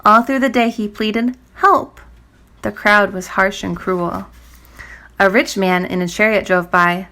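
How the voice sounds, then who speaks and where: A woman reading a rhyming children's story aloud in a rhythmic, expressive way. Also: medium pitch, unhurried.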